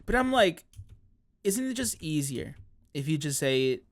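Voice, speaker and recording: Brief: male streamer, casual rambling chat, slightly higher voice, laughs between self-corrections. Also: big pitch swings, measured pace, long pauses.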